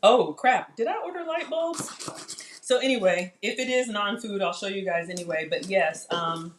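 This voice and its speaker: A woman chatting to viewers in a live cooking demonstration, excitable and talking straight to them. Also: mid-range voice, moderate pace, slight background noise. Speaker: cooking vlogger. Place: home kitchen.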